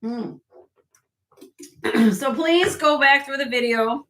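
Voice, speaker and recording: A woman hosts a live jewelry sale, chatting casually and laughing often. Her voice sits a little high and rings sharply bright, with a slight hoarseness from losing her voice. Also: takes it slowly. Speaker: host and jewelry seller.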